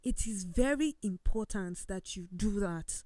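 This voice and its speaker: A woman's voice: mid-range voice, animated, unhurried, warm tone, dry recording. A woman on a panel talk show, earnest and emphatic as she cites scripture. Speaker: co-host.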